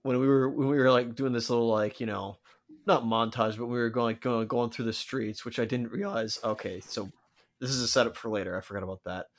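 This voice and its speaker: A man's voice: mid-range voice, steady tone, a little fast. A man co-hosting a podcast, chatting about a movie in a rambling, speculative way with lots of fillers. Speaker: podcast co-host. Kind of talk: casual film commentary chat.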